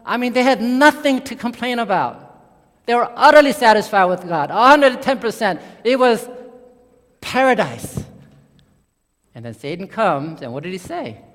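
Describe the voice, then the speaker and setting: A male pastor delivers a sermon in a high, light voice, and the sound carries a long reverberant tail. He preaches conversationally, swinging from excited bursts down to low, hushed lines. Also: moderate pace.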